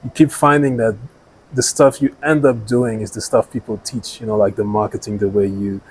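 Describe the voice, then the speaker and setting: A man's voice: fairly low pitch, steady tone, normal speed, husky, poor audio. A man hosting a podcast interview, summing up the guest's story reflectively and leaning on fillers like "you know" and "like". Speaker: podcast host.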